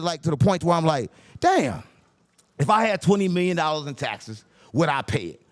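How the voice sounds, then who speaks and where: A man delivers a mocking rant with a fairly high, very animated voice that leaps between loud jabs and low asides. He repeats his taunts over and over. The sound is dry and close, with no room around it. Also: dry recording. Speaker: commentary host. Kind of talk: rant-style commentary.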